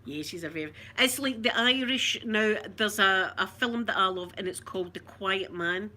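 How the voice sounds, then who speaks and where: A woman's voice: mid-range voice, moderate pace, bright, forceful tone. A Scottish woman chatting casually to live viewers at home, telling funny stories and laughing often. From Scotland. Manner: chatty storyteller, laughs often, mimics voices. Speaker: ASMR livestream host. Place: home room.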